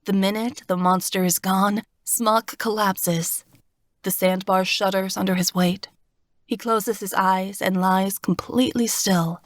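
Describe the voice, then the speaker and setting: A woman narrates a first-person fantasy novel in a steady, expressive voice pitched in the middle range. Her voice sits close to a studio mic, dry and without any room echo. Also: measured pace. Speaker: audiobook narrator.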